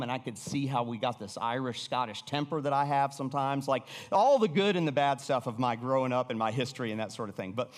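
A middle-aged American man preaching a sermon in a loose, conversational way, often restarting and sometimes dropping to a near-whisper. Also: mid-range voice. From United States. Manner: conversational, with repeated restarts and sudden drops to a hush. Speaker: pastor. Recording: long hall reverb.

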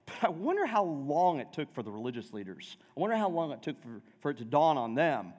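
A man's voice: on the high side, very animated, fast, few pauses, darkish tone, breathy edge. A male pastor preaching a sermon in a conversational way, asking the congregation questions. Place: church sanctuary. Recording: long reverb of a church hall.

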